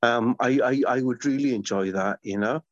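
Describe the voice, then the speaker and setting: A man's voice: mid-range voice, moderate pace, no room sound, highs cut off. Enthusiastic rambling middle-aged man. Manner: enthusiastic, rambling storyteller with many restarts. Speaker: guest, author. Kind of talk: conversational podcast interview.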